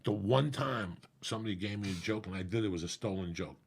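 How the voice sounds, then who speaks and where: A man with a raspy, gravelly voice, telling stories in casual chat as a comedian guest, swearing freely and acting out what people said. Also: lowish voice, fast. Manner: profane, animated storyteller acting out quotes.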